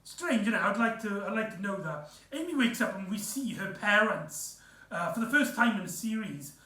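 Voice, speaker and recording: A man's voice: high-pitched, animated, moderate pace, pushed and bright. A man recapping an episode in a casual, rambling way, full of fillers and restarts. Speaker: reviewer. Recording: echoey room, off-mic.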